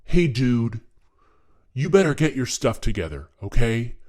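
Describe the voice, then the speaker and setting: A man voicing a gruff, tough-talking alpha male who gives blunt, bossy orders. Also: mid-range voice, sing-song, unhurried, a little mellow, voice pushed down.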